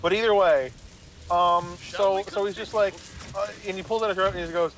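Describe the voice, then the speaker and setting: A man who runs tabletop games recounts a session in a loose, rambling way, cursing and tossing in "right?" along the way. His high voice is a bit bright and moves at a moderate pace.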